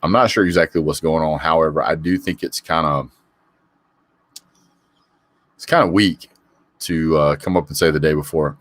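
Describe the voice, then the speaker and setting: A man's voice: extremely low pitch, expressive, unhurried, dry recording. A man hosting a casual live sports show, reading comments and greeting viewers by name in an opinionated, chatty way. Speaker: sports talk host reading live chat. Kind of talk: casual live call-in chat.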